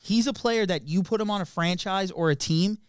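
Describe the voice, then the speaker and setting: A young man talks sports on a podcast. He tells stories in a lively, animated way. The sound is dry and close to the mic. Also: high voice, normal speed, clean tone, no echo. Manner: animated, storytelling, retells skits with quoted voices. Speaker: podcast co-host. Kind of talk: casual chat.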